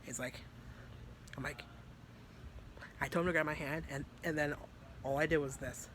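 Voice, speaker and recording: Rambling, soft-spoken man vlogging. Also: a little high, fairly even intonation, moderate pace, a little hiss or hum. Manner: rambling, filler-heavy, swears casually. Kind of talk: casual storytelling to camera.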